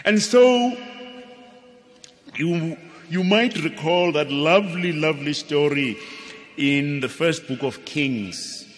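A South African man preaches with a playful storyteller's touch, his voice sitting a little high and leaping upward for emphasis. He takes his time over every phrase. His words ring out with a long hall reverb, with faint music underneath. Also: takes it slowly. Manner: playful, swooping storytelling with sudden high exclamations. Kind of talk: sermon.

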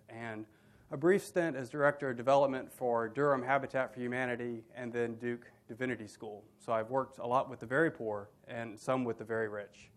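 Courteous middle-aged man hosting an event. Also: medium pitch. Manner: measured and courteous, with dry humor. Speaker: event host and minister. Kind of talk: formal introduction at a university dialogue event.

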